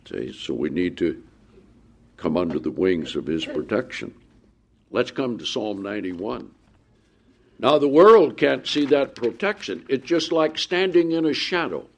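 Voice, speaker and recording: A man preaching a sermon, reading Bible verses with rising emphasis and asking his listeners questions that he answers himself. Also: medium pitch.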